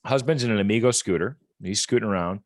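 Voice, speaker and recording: A man's voice: lowish voice, fast talker, dry recording, studio quality. A man speaking as a guest at a support group meeting, telling stories in an earnest, conversational way, often repeating words as he goes. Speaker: guest speaker from a rehab equipment company.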